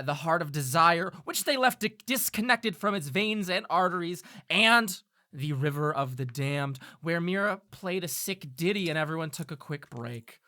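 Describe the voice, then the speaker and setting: A man hosting a tabletop game podcast as dungeon master, reading an ad and recapping the last session with frequent laughter. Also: high voice. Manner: lively, laughing often.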